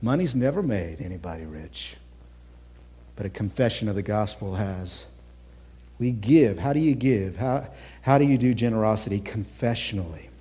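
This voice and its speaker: A man preaching a sermon as a pastor, animated, swinging between loud mocking impressions and quiet earnest asides. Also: fairly low pitch, normal speed, breathy edge.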